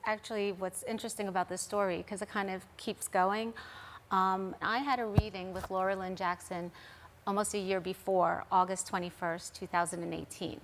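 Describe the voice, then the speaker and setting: A middle-aged woman tells a personal story as a talk show guest. Her pitch sits in the middle, and she speaks earnestly, acting out what others said. The voice is plain and conversational. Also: steady tone, normal speed, slight background noise. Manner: earnest, recounting events with quoted dialogue.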